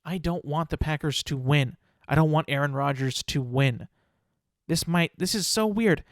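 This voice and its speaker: A young man hosting a podcast, talking through football results in a rambling, animated, self-mocking way. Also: a little high, normal speed, no echo, clean studio sound. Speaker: podcast host. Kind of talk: casual solo sports talk.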